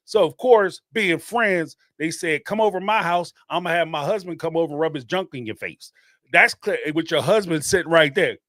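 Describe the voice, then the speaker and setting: A man's voice: on the high side, fairly bright tone, dry recording, studio quality. A middle-aged man hosting a live call-in show, talking emphatically in casual slang and repeating phrases for emphasis. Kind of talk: casual spoken commentary.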